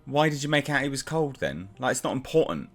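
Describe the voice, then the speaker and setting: A man's voice: medium pitch, sing-song, a little fast, soft background music. A man reviewing a comic book in a casual, exasperated and sarcastic rant.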